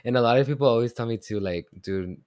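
A man's voice: mid-range voice, fast talker, darkish tone, no echo, clean studio sound. A young man from the United States touches, hosting a solo podcast in a rambling, affectionate, filler-heavy way. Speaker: podcast host. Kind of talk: casual solo podcast chat.

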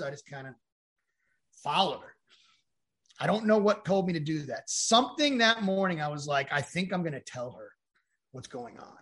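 Bright-voiced man telling his story frankly. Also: fairly high pitch, moderate pace. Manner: rambling, frank, swears, acts out quoted dialogue. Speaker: podcast guest. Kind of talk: candid personal storytelling.

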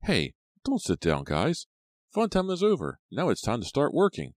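A man's voice: medium pitch, huge pitch swings, moderate pace, darkish tone, no room sound, studio quality, voice pushed up. A man reading an audiobook, voicing a jokey but stern adult male camping advisor with a hearty, bossy manner. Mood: jovial.

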